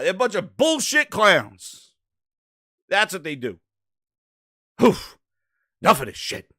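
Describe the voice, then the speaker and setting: Profane, animated male podcast host. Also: high voice, slow pace, pauses often, dry recording, clean studio sound. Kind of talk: casual chat.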